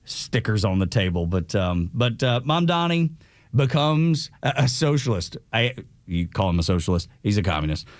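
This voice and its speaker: A man's voice: fairly low pitch, normal speed, dry recording. Chatty radio guy, voice jumps all over, dry studio mic. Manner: animated, opinionated, repeats himself. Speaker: morning radio host. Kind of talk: casual radio banter.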